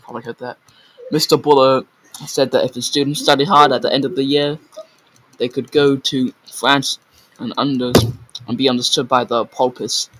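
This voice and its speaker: A man's voice: mid-range voice, flat delivery, normal speed, a bit bright, slight background noise, low-quality recording. A man reading a story aloud in a casual way, often stumbling over words and correcting himself.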